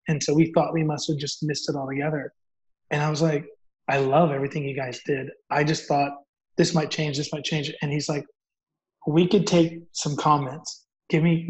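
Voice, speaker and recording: A man telling a story as a guest author, acting out the dialogue in an animated way. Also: a little high. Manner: animated, acts out quoted dialogue. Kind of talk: storytelling in an interview. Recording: dull lo-fi audio.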